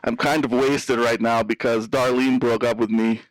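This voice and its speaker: A man's voice: medium pitch, flat delivery, normal speed, dry recording, lightly acted, rough recording. A man playing a drunk, brash hacker with a put-on Russian-ish accent. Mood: drunk bragging. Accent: put-on Russian-sounding. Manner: slurring, brash, says bro and dude. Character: drunk boastful male hacker caller. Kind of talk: improvised radio call-in comedy.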